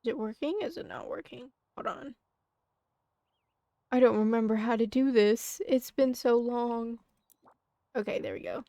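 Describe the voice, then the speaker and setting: Woman streamer talking to herself while gaming, a bit high pitched, casual. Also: a little slow, gravelly, pauses often, warm tone, no echo. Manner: mutters to herself while playing. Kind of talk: casual gameplay chatter.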